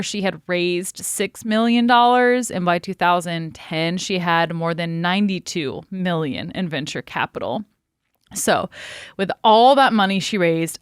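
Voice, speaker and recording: A woman's voice: on the low side, smooth, no echo, clean studio sound. A young adult woman co-hosting a podcast, telling a story in casual chat, blunt, laughing often and swearing freely. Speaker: podcast co-host.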